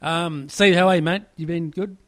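A man's voice: on the high side, steady tone, moderate pace, a bit bright, dry recording, studio quality. A man hosting a podcast, friendly and welcoming guests in casual chat. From Australia. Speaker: podcast host.

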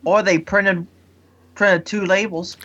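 Higher-voiced man, slightly muffled audio. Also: steady tone, measured pace, sharp tone, breathy edge. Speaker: podcast co-host. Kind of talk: casual podcast chat.

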